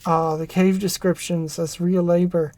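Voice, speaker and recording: A performer reading a narrative game aloud, voicing an excitable former research assistant who rambles and restarts mid-thought. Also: mid-range voice, a little slow, no echo, lightly acted. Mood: chatty. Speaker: game character voice.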